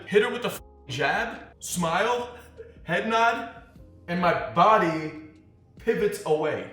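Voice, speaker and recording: Speaking slowly in a high-pitched voice, a man coaches on dating through a casual monologue. He is an animated storyteller who swears and acts out quotes from the people involved. Faint music plays in an echoey room.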